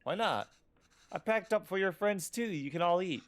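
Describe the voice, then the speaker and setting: A man voices a devoted middle-aged mother who won't let go, earnest and softly pleading, her voice rising and falling lively from line to line. She reads like a story game's heartfelt parent. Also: high voice, moderate pace, voice pushed up. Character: caring middle-aged immigrant mother, gentle but stubborn. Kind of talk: reading game dialogue aloud.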